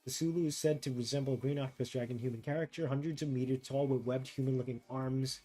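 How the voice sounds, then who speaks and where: A man streaming while he draws, chatting casually with viewers, thinking out loud and reading text aloud haltingly. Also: medium pitch, steady tone, faint music behind. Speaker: art streamer. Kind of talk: casual livestream chat while drawing.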